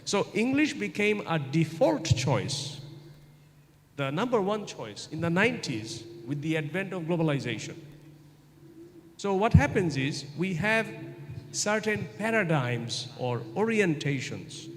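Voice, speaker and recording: A man's voice: fairly high pitch, big pitch swings, measured pace. A middle-aged man giving a university guest lecture, who asks his audience rhetorical questions and repeats points for emphasis. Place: large lecture hall. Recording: echoey hall, faint ambient noise.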